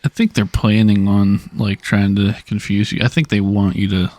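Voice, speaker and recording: A man with a very deep voice tells stories in a podcast chat. He is sardonic and profane and mocks the people he quotes. The sound is close and dry. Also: steady tone, moderate pace, few pauses, darkish tone, dry recording. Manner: sardonic, swears and mocks when retelling. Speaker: podcast co-host. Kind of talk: casual chat.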